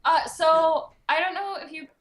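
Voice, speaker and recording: Woman, podcast guest, high pitch, bright tone, enthusiastic. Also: measured pace. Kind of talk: casual podcast chat.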